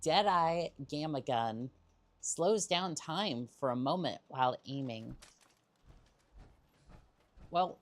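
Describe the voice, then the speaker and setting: A woman streamer chatting to her viewers in a jokey, relaxed way as she plays through a game. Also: low-pitched. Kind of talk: casual gameplay commentary.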